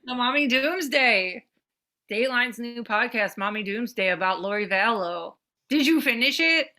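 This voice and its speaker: A podcast co-host in her thirties chats casually at a moderate pace. She's animated and swears, her pitch jumping between levels.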